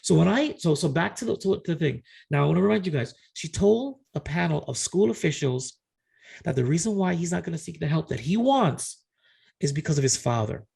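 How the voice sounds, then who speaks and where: A middle-aged man, a podcast co-host, telling a personal story in casual chat, animated and acting out conversations with frequent restarts. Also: fairly high pitch, fairly quick, vocal fry, husky.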